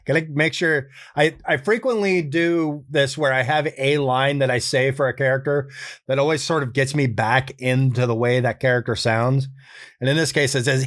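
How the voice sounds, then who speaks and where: A man records his own character voices and calmly explains his process in a casual behind-the-scenes way. He's relaxed, thinking aloud and amused at himself, speaking at medium pitch and normal speed.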